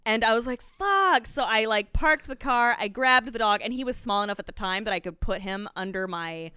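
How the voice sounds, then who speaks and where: Young woman podcast host, crisp and bright, dry close mic, lively swearing storyteller. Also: mid-range voice, brisk, no room sound. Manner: animated, swears freely, acts out her own panicked quotes. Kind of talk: casual storytelling chat.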